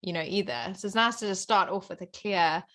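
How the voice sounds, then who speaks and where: A woman's voice: medium pitch, brisk, a bit bright. A woman from Africa, hosting a podcast and chatting enthusiastically over a video call. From South Africa. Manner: chatty, enthusiastic, many ums and likes. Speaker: podcast host. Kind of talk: casual interview chat.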